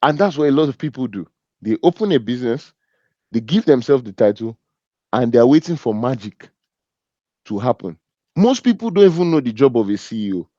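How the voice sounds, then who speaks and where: Animated Nigerian man, joking business talk. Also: medium pitch, a little fast, no room sound, highs cut off. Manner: animated and joking, laughs at his own stories. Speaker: business speaker. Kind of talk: humorous business talk to an audience.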